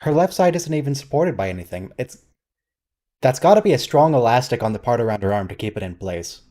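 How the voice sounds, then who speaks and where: A man's voice: medium pitch, lively intonation, brisk, warm tone. Wry man musing over an episode. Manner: wry, quizzical, thinking aloud. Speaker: host of a watch-along. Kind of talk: casual running commentary.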